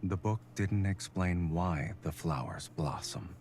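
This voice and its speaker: A man voicing a calm, teasing male love interest in an otome game, speaking softly. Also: sits low, takes it slowly, faint music behind. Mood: tender. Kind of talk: voiced game dialogue.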